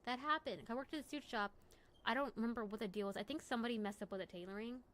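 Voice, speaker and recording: A woman's voice: fairly high pitch, fast talker, a bit bright. A young woman hosting a late-night livestream from home, chatting casually and rambling with lots of "like" and "you know". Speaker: livestream host.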